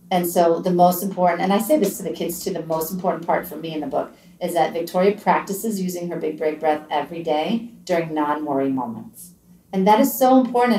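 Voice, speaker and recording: A woman's voice: on the low side, darkish tone, slight background noise. A middle-aged woman talking as a podcast guest, earnest and encouraging, often restarting her sentences. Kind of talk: conversational interview. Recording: echoey room, distant from the mic.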